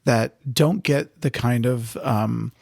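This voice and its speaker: Brief: male podcast host, gravelly fry, mid pitch, frank and eager, dry room. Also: takes it slowly, darkish tone, dry recording. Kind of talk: casual interview chat.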